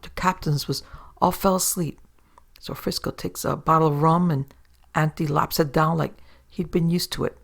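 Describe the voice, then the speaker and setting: A woman's voice: low-pitched, gravelly. A woman narrating a horror tale of the sea in a folksy sailor-yarn manner. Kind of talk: horror story reading.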